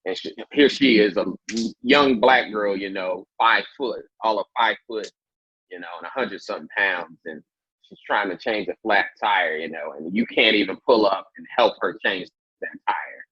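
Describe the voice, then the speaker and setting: Male comedian guest, deep raspy voice, animated storyteller, lo-fi audio. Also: normal speed, no echo. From Indianapolis, Indiana. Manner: animated storyteller, acts out quotes in a much higher voice. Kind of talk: casual interview storytelling.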